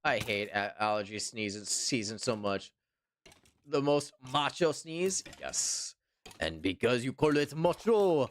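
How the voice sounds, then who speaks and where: A male streamer with a blocked, stuffy nose talks in a slow, unhurried drawl at an ordinary middle pitch. He rambles loosely, swears freely and keeps replying to his chat in a casual, offhand way. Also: sing-song. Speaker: live streamer.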